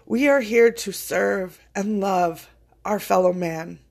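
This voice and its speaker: A woman's voice: medium pitch, slow, vocal fry. An earnest woman speaks straight to her listeners in a loose, motivational monologue. She is choked up with emotion, yet she stays heartfelt and drops casual swear words as she talks. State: choking up with emotion. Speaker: podcast host.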